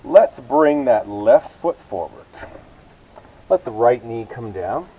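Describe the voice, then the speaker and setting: A man teaching a beginner yoga class, calling out poses and breaths in relaxed, encouraging cues with casual asides. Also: medium pitch, takes it slowly, husky, phone-quality sound. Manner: relaxed, encouraging cueing with self-aware asides. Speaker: yoga instructor. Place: outdoors with rain and hummingbirds about.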